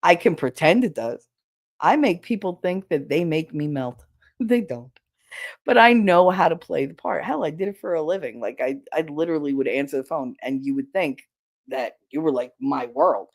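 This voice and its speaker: Low-voiced woman telling a frank story. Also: lively intonation, normal speed. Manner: candid and profane, acts out quoted lines. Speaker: podcast host. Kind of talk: casual storytelling chat.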